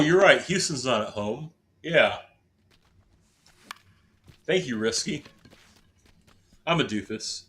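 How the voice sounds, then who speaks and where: A man's voice: on the high side, a bit bright. Chatty Midwestern man streaming a game. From southern Indiana, USA. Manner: chatty, self-deprecating, talks to chat viewers. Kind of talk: casual live-stream commentary while gaming.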